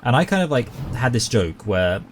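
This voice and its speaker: A man's voice: mid-range voice, very animated, moderate pace, a little hiss or hum. A man with a British accent chatting casually while he plays a game, rambling through a long-winded, self-aware story. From Britain. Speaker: gaming YouTuber. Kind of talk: casual commentary while gaming.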